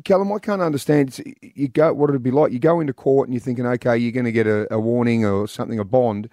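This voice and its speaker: A man's voice: mid-range voice, fast, dark tone, dry recording. Male radio host, dry studio. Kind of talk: radio interview.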